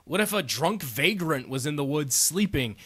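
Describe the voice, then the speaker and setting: A man narrating a sarcastic, crude comedic review of a movie, with sudden loud outbursts. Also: a little high, very animated, normal speed, slightly rough.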